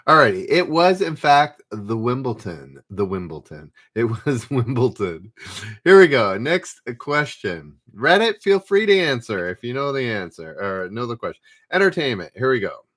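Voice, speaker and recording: A man's voice: medium pitch, very animated, moderate pace, a bit bright. A man hosting a live trivia stream, reading questions aloud and chatting easily with viewers in the chat, laughing often. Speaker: trivia game host.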